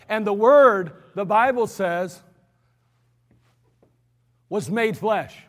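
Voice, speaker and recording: Preacher guy, high voice, emphatic, big echoey church hall. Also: fairly bright tone. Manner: emphatic, repetitive, slows for stress. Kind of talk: sermon.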